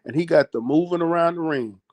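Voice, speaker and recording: A man's voice: on the high side, a little fast. A man co-hosting a boxing podcast, talking in a heated, emphatic, slangy way and repeating his points. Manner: emphatic, loud and repetitive, slangy. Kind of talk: heated casual chat.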